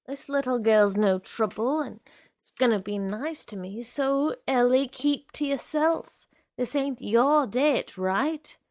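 A swaggering young man with a sinister, wheedling charm, put on by a woman reading the story. His voice is drawn out and gravelly, recorded close and dry. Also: a little high, takes it slowly, darkish tone, no room sound, voice pushed up. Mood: menacing. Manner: coaxing, then snapping; slangy.

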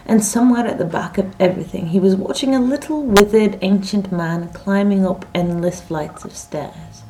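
Woman storyteller, mid-pitched, expressive audiobook read; faint noise. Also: normal speed, poor audio. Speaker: narrator.

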